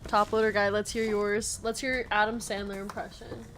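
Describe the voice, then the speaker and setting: A woman's voice: mid-range voice, flat delivery, normal speed, background noise. A woman hosting a live trading card break, chatty and giggly, calling out the cards she pulls and reading comments from the chat. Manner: giggly, laughs often between card calls.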